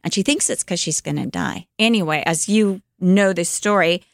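A woman's voice: on the low side, normal speed, vocal fry, no echo. Storytelling woman with a dry sound. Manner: animated storyteller, fillers, acts out quotes. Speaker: podcast co-host and storyteller. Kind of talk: casual retelling of a life story.

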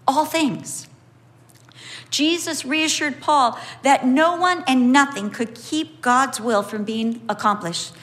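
A woman preaching a sermon, emphatic and expressive, repeating key phrases and acting out the voices of others. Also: slow, long reverb tail. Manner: expressive, acts out voices with big pitch swings; emphatic repetition.

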